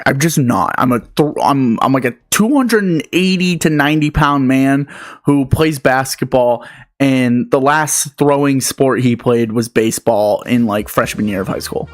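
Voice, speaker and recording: A young man in his twenties rants through a story in a voice that sits a little high for a man, animated and profane, leaning hard on filler words. A faint bed of music runs quietly behind him. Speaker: vlogger. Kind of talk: storytelling rant.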